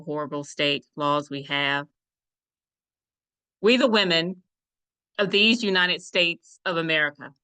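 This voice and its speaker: A woman poet reading her spoken-word poem in a slow, deliberate, meditative way. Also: on the low side, sharp tone, clear, resonant tone, low-quality recording.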